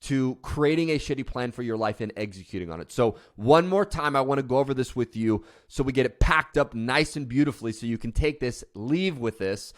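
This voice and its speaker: A man's voice: mid-range voice, animated, fairly quick, hardly any pauses. A man giving a passionate, emphatic motivational talk. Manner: passionate, emphatic, mocking voice at the start. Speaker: motivational speaker.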